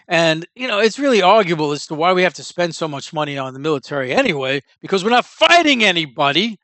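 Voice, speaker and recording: A man's voice: high-pitched, lively intonation, fast talker, hardly any pauses, bright, forceful tone, no room sound. A man giving a casual, rambling opinion monologue as a commentator, blunt and prone to digressions.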